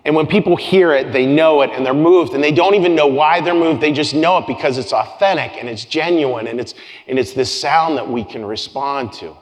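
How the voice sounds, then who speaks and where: A man's voice: fairly high pitch, brisk. A man preaching a sermon as pastor to his congregation, earnest, often repeating phrases and restarting his sentences. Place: church sanctuary with congregation. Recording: long hall reverb with soft guitar.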